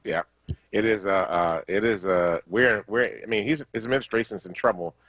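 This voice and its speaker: Deep-voiced halting radio host man. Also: fairly bright tone, dry recording. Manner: halting, many fillers and restarts. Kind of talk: talk radio chat. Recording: dull lo-fi radio stream.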